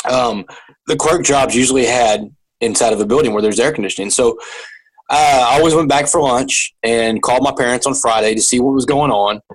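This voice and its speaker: Male interview guest, mid pitch, earnest, halting storyteller. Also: slightly rough, poor audio. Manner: earnest, halting with repeated restarts.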